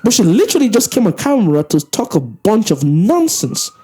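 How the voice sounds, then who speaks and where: A man ranting through a reaction commentary, incredulous and profane, his voice swinging up high when he gets worked up. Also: wildly swooping pitch, fairly quick, mellow, breathy edge. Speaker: commentary channel host.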